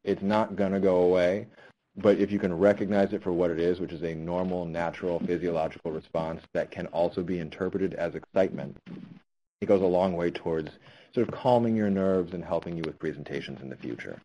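A man's voice: deep voice, steady tone, fairly quick, warm tone, highs cut off, a little hiss or hum. A man and linguistics researcher giving a conversational webinar talk on public speaking, explaining with frequent ums and restarts. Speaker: speech presenter and linguistics researcher.

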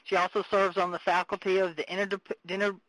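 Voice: mid-range voice, little pitch movement, fast, a bit bright, no room sound, rough recording. A moderator reading a formal speaker introduction for a webinar, often stumbling and restarting words.

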